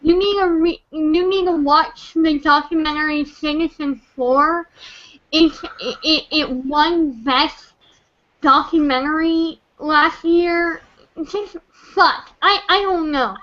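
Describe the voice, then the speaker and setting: A woman's voice: high voice, takes it slowly, lo-fi sound. A young woman, drunk and close to tears, ranting in an online chat room, stammering, repeating herself and swearing. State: tearful, on the edge of crying. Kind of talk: emotional rant.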